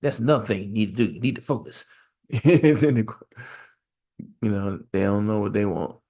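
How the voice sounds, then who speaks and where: Gravelly laid-back podcast host. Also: male voice, lowish voice, normal speed, mellow. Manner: rhetorical questions, repetitive, conversational. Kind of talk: casual solo podcast monologue.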